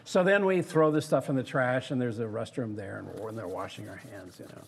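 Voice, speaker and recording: A man's voice: medium pitch, a little fast, vocal fry, a little hiss or hum. An older man, a former theme park designer, telling anecdotes in a casual interview and acting out what other people said. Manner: lively storyteller who acts out others' words.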